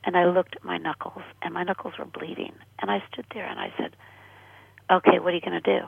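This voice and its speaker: An older American woman tells her personal story as a radio interview guest. She speaks earnestly and often sinks to a breathy near whisper. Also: on the low side, steady tone, quick pace, no room sound. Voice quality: husky, gravelly, breathy. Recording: dry tinny phone-line radio sound.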